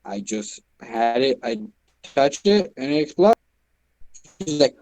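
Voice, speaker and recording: A man's voice: medium pitch, very animated, measured pace, long pauses, a little mellow, no room sound, rough recording. A teenage boy co-hosting a stream, telling a rambling story with swearing and laughs. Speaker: stream co-host. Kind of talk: casual storytelling chat.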